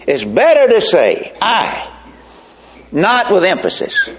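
An older man preaches in a high, swooping voice. He takes his time and leans hard on each phrase. Homespun asides break up the sermon. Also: big pitch swings, background noise. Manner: slow, emphatic preaching with folksy asides. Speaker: pastor.

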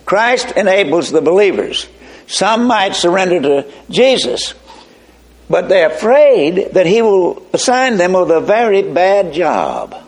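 An older man preaches in a high, swooping voice. He takes his time and leans hard on each phrase. Homespun asides break up the sermon. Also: big pitch swings. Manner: slow, emphatic preaching with folksy asides. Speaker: pastor.

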